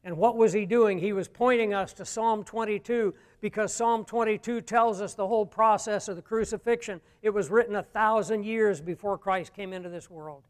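High-voiced man preaching in a reverberant hall. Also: fairly even intonation, moderate pace, few pauses, clean tone. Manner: preaching, swings between hushed and loud emphatic lines. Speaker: pastor. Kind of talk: sermon.

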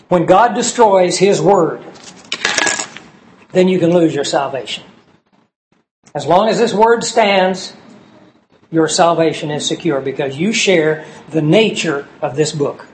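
A man preaching a sermon, slowing down to stress key words as he lists scripture passages. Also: on the high side, darkish tone, a little hiss or hum, low-quality recording. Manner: slow and emphatic on key words, citing scripture verses.

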